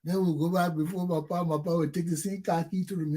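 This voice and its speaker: Liberian english accent, man, talk show host, high voice, animated, profane storytelling. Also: quick pace. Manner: animated, profane, laughs often, acts out quotes loudly. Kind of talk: casual storytelling monologue.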